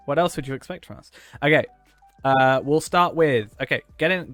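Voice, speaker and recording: Speaking fairly quickly in a medium-pitched, somewhat bright voice, a streamer talks to his chat mid-game. His tone is joking and casual, and faint music runs underneath.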